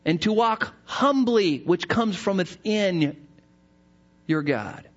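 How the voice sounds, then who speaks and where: High, animated male preacher. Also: slow pace. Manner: animated, dramatic preaching with rising emphasis. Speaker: pastor. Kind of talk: sermon. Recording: dull lo-fi recording.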